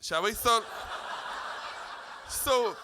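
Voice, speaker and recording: A man's voice: very high voice, extremely slow, noisy background. A man from Canada doing a live stand-up set in a comedy club, swearing freely and telling stories with exasperation. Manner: profane, exasperated storytelling.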